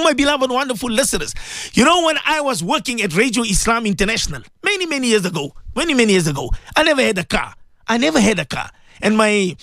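A high-voiced man delivers an impassioned, preachy talk into a studio microphone. He circles back over the same phrases and speaks straight to his listeners. The sound is dry and close. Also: fairly bright tone, dry recording. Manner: impassioned, repetitive, addresses listeners directly. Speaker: radio presenter.

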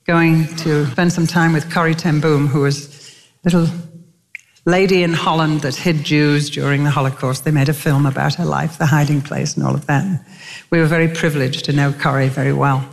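A woman's voice: low-pitched, steady tone, normal speed. A woman preacher telling stories in a sermon, emphatic, with sudden lifts in her voice. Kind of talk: sermon storytelling. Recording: long reverb of a large hall.

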